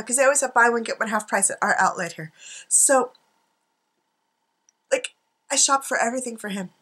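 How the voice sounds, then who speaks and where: A woman's voice: high-pitched, a bit bright, husky. A middle-aged woman chatting and rambling to a camera at her craft desk at home, giggly with self-mocking asides. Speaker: art journaling vlogger. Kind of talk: rambling casual chat to camera.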